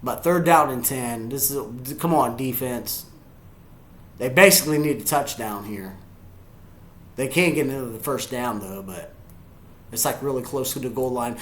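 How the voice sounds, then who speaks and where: A man giving excitable live reaction commentary on a football game, yelling at the players and chuckling often. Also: medium pitch, measured pace, long pauses, roomy sound, a little hiss or hum. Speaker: sports fan reacting to a game.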